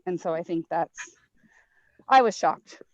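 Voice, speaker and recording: Woman group member telling a story over a muffled, dry video call, animated and casual. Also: fairly low pitch, a little slow, no room sound.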